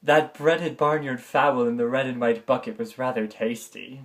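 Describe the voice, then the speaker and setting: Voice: mid-range voice, steady tone, normal speed, natural voice. A reader voicing a delicate, polite female hippogriff from a children's story. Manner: polite, composed.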